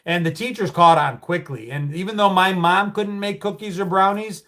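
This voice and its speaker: Middle-aged man, livestream host, relaxed storyteller, a touch high-voiced, swears freely. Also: normal speed. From United States. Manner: storytelling, reads out viewer comments, swears casually. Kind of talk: casual livestream chat.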